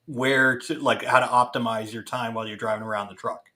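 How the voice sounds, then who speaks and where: Bright-voiced man hosting a podcast. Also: medium pitch, level tone, fairly quick. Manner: friendly, teasing questions. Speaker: podcast host. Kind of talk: casual interview.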